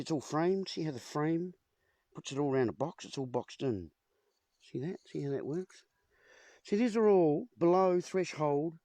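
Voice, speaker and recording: Male host, playful wordplay rambler, animated delivery, dry room. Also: on the high side, dry recording. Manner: playful, punning, addresses viewers as folks. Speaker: video host. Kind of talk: rambling wordplay monologue to camera. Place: at home with a whiteboard. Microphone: camera in front of him.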